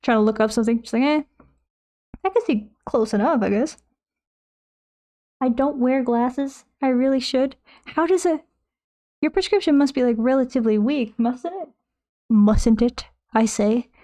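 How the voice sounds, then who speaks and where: A woman's voice: sits high, moderate pace, pauses often, dark tone. A young woman streamer chatting casually while painting, playful and swearing freely.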